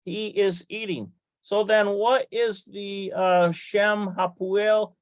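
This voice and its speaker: A slow, deliberate teacher walks through a Hebrew grammar lesson, spelling out each letter and vowel one at a time. The voice sits at a middle pitch, pauses for frequent fillers and corrects itself as it thinks aloud. The sound is close and dry, with no room echo. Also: steady tone.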